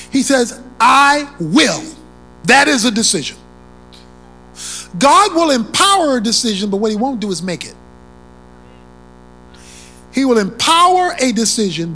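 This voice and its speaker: A preacher delivers a sermon with a lively voice that leaps up and drops low. Key phrases come back again and again for emphasis, and loud declarations give way to hushed asides. Faint music plays underneath. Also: poor audio.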